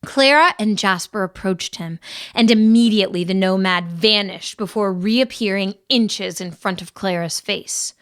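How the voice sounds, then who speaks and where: A woman narrating a young adult fantasy audiobook in an even, measured reading. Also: mid-range voice. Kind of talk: scripted narration.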